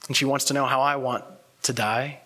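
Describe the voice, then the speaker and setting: A man preaching a sermon as pastor, earnest and reflective, pausing often and letting words trail off softly. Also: medium pitch, fairly even intonation.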